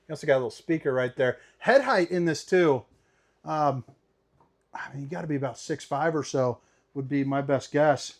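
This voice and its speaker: A man's voice: on the high side, moderate pace. Upbeat slangy man giving a tour. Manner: upbeat, playful, slangy, calls viewers baby. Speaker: RV tour host. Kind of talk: casual walkthrough tour. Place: inside a travel trailer.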